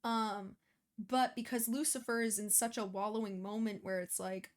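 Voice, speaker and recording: A woman's voice: mid-range voice, fairly even intonation, moderate pace. A woman hosting a reaction video, talking casually and emotionally, with many fillers and restarts.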